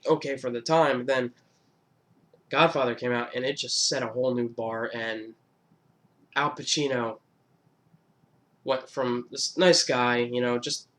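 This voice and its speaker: A man's voice: mid-range voice, fairly bright tone. A man hosting his own video countdown of favorite films, talking casually in a rambling, profane way with lots of fillers and restarts. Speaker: YouTuber.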